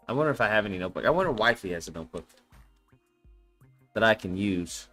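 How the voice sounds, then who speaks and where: A man's voice: on the low side, expressive, fast, pushed and bright, faint music behind. A young man on a casual live stream, thinking aloud with frequent cursing and reading answers off a screen.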